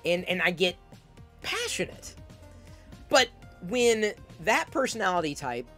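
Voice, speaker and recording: A woman with a fairly low voice talks with intensity and volume, projecting easily. She stumbles over repeated words as she pushes her point forward. Soft music plays faintly in the background. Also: lively intonation, normal speed. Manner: intense, emphatic, repeats words when starting sentences; loud and projecting. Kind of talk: advice monologue.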